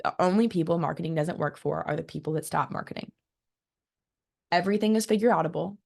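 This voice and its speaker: A woman marketing coach giving an energetic motivational business talk, speaking straight to her audience and often restarting her words. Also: lowish voice, fast talker, vocal fry. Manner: energetic and emphatic, acts out quoted voices; repeats words when restarting, direct to the audience.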